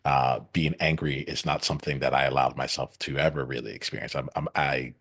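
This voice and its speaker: A man hosting a podcast panel, talking in a reflective, halting way with lots of restarts and fillers, from the United States, on a video call. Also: extremely low pitch, fairly even intonation, fairly bright tone. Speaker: podcast host. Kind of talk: casual podcast panel wrap-up.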